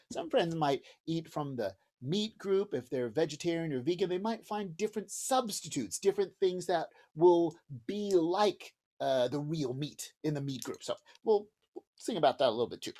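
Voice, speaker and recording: A man's voice: fairly high pitch, a little mellow. A man teaching a music lesson to preschoolers, speaking cheerfully and directly to young children, with singing and drumming between explanations. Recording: home video with drum and banjo music.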